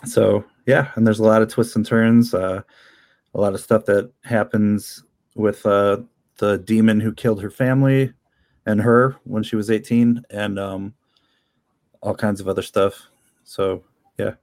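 A man's voice: fairly low pitch, steady tone, unhurried, a little mellow. A man, a comic book creator, talking casually in an interview, rambling with lots of fillers and frequent laughs. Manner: rambling, chatty, laughs often, many fillers.

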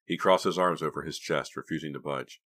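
A man narrating an audiobook in a steady, measured storytelling manner. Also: very deep voice. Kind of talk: scripted narration.

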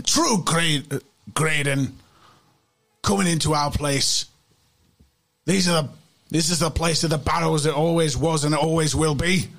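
A man voicing an angry, drunk local who rants loudly in a tabletop game. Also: a little high, vocal fry, voice pushed up. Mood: resentful. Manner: belligerent, ranting.

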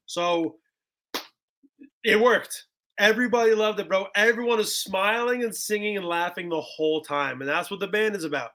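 Bright-voiced young man, excitable and chatty. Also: high-pitched, moderate pace. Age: 20s. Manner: excitable, full of "bro" and "like". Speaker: guest musician. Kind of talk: casual podcast chat.

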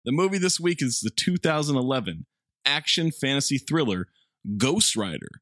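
A man's voice: mid-range voice, very animated, normal speed, a bit bright, dry recording, clean studio sound. A man hosting a casual comedy podcast, running through cast lists with playful emphasis. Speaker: podcast host.

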